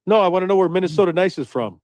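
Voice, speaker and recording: A man's voice: sits high, racing, a little mellow, no echo. A man hosting a livestream, ranting in a heated, profane way and repeating his taunts. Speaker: livestream host. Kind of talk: livestream rant.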